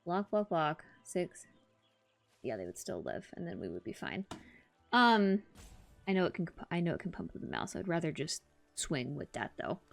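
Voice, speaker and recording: A woman streamer giving casual commentary on her own card game, talking to herself and swinging from low mutters to excited squeals. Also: moderate pace, gravelly, faint music behind.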